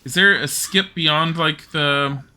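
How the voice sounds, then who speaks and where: A woman's voice: low voice, takes it slowly, bright, forceful tone. A woman streamer giving casual, blunt commentary as she plays a game live on a desk mic.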